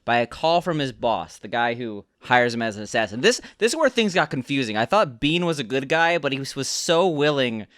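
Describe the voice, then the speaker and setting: A man's voice: medium pitch, big pitch swings, fairly quick, few pauses, fairly bright tone, dry recording, studio quality. A young man co-hosting a podcast, recapping a movie in casual chat and often repeating words as he starts a sentence. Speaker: podcast co-host.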